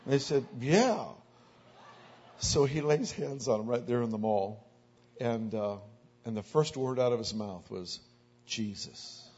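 A man preaching as a pastor, telling anecdotal stories in a sermon and growing louder and more excited as they build. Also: mid-range voice, normal speed. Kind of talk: sermon storytelling. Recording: dull lo-fi recording.

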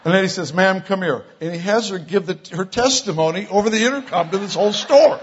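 A man preaching, telling miracle stories in an animated storytelling way that grows loud on quoted lines. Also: high voice, fast, slight background noise. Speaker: pastor. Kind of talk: sermon storytelling. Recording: dull lo-fi sound.

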